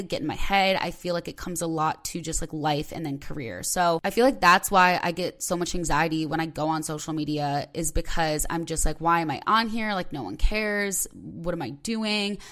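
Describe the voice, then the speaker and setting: A young woman hosting her podcast alone, talking casually and emotionally, filling her sentences with "like" and sounding close to tears. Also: low voice. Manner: emotional, rambling, heavy use of "like". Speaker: podcast host. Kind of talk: casual solo podcast talk.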